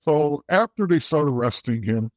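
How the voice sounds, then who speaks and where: A man's voice: a little high, animated, normal speed, darkish tone, no echo. A man from the East Coast, a guest in an interview, telling his story candidly in a blunt, profane way that often restarts. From East Coast of the United States.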